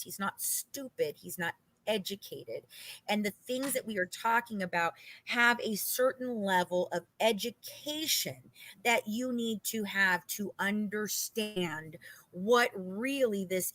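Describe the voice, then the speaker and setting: A woman's voice: mid-range voice, fairly bright tone, low-quality recording. A woman hosting a casual commentary chat, talking emphatically with mocking exasperation and some swearing. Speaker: commentary show host.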